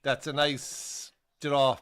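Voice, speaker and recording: An Irish man chats about football from a bar during a live match. He swears constantly, in a relaxed, joking way. He acts out the characters when he tells a story. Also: medium pitch, extremely slow, clean tone. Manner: swears freely, tells jokes with voiced characters. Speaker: co-host. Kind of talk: casual pub chat and football commentary.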